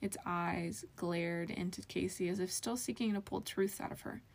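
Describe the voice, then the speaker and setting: Gravelly woman narrating a fantasy audiobook. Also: fairly low pitch, steady tone, normal speed.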